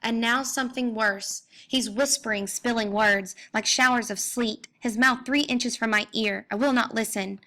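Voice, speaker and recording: A young woman reads a dark first-person tale with a bright, forceful voice. Her telling is intense and climbs into anguished cries when the pain peaks. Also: a little high, fairly even intonation, normal speed, hardly any pauses. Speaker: audiobook reader. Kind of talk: dramatic first-person narration.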